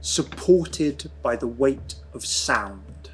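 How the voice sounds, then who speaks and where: A man narrating a tabletop role-playing game as game master, in slow, hushed, dreamy descriptions. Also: medium pitch, animated, soft background music.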